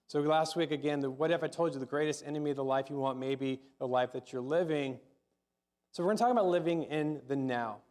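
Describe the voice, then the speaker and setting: A man's voice: mid-range voice, darkish tone. A middle-aged man preaching a sermon as pastor, talking to the congregation in a loose, conversational way, often repeating words and asking questions.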